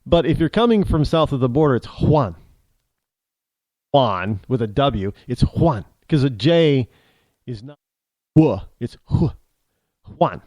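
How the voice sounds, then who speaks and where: An American man holds forth on his radio talk show, his pitch swinging up and down as he rambles and doubles back on himself. His tone is warm and dark, and the recording sounds close and dry. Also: expressive, moderate pace, no room sound. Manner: rambling, with many restarts and asides. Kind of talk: opinionated talk radio monologue. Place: New England.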